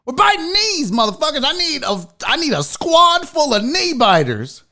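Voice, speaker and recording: A man doing an impression of a fired-up, profane football coach, shouting tough boasts. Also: very high-pitched, wildly swooping pitch, normal speed, voice pushed up, heavily acted. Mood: defiant.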